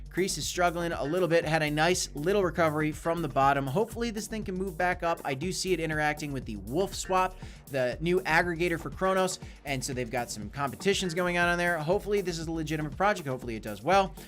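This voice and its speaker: A man's voice: a little high, animated, fast talker, a bit bright, faint music behind. Hyped man hosting a crypto livestream. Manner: casual and hyped, keeps saying "guys". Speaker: crypto channel host. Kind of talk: livestream commentary and Q&A.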